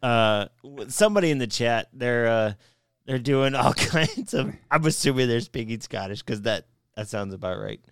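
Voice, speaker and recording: Male stream host, smooth voice, close dry mic, loose rambling delivery. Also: mid-range voice, animated, normal speed, fairly bright tone, dry recording. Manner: rambling, swears casually. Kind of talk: casual stream chat.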